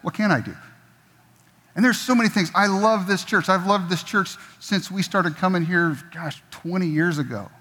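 A middle-aged man preaching in a church, relaxed and jokey, now and then slipping into other people's voices. His voice sits a bit high for a man, and a long reverb trails his words through the hall. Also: moderate pace. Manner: conversational, jokey, acts out quoted voices. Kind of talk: sermon. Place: church sanctuary.

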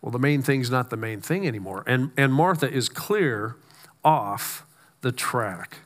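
A man preaching a conversational sermon, with stammered restarts and slow, weighty emphasis on key words. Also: mid-range voice, animated. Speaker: pastor.

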